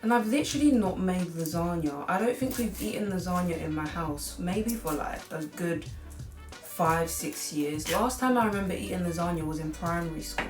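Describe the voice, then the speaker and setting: A woman's voice: on the low side, moderate pace. A young woman in her late teens, chatting casually through a cooking vlog in a rambling way, filling her talk with "like". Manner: chatty and rambling, heavy use of "like". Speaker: cooking vlogger. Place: home kitchen, seated at the counter. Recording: echoey room, far from mic, music behind.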